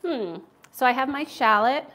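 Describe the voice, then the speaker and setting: A woman's voice: sits high, normal speed, fairly bright tone, slight background noise. A woman from the United States hosting a casual cooking livestream, chatting in a self-deprecating way as she cooks in her home kitchen.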